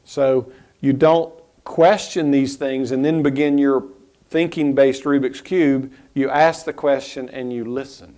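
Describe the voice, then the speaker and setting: Male spiritual teacher, mid-range voice, thoughtful and unhurried, halting restarts. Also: medium pitch, steady tone, warm tone. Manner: reflective, unhurried, with pauses and restarts.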